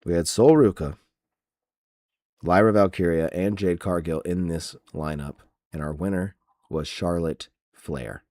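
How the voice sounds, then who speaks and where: A man's voice: sits low, unhurried, a little mellow, dry recording, studio quality. A man hosting a podcast, recapping in a casual, mocking, profane, rambling way. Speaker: podcast host. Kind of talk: casual comedic wrestling recap.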